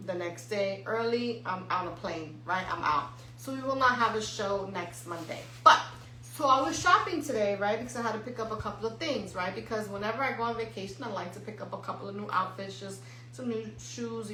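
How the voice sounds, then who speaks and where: A middle-aged woman co-hosting a podcast, telling a story in a lively, casual way, swearing freely and tagging "right?" onto her sentences. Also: medium pitch, slight background noise. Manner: animated, swears freely, says "right?" often. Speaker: podcast co-host. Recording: echoey room.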